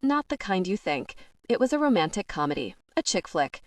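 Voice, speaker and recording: A woman's voice: mid-range voice, very animated, a little fast, no room sound, lightly acted. A woman voicing a prickly, guarded teenage vampire girl in an audiobook, curt and defensive. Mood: snappish.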